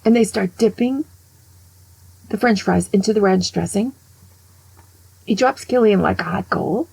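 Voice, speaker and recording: Gravelly, husky older woman telling a story. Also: medium pitch, measured pace, long pauses, rough recording. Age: over 65. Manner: animated, drops to a hushed voice for quotes. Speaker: vlogger. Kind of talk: storytelling monologue.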